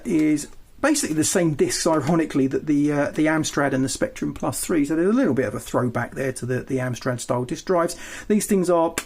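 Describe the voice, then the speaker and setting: Chatty man, higher voice. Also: creaky, a little mellow. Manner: chatty, rambling, filler-heavy. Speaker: retro game collector. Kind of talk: show-and-tell of collection.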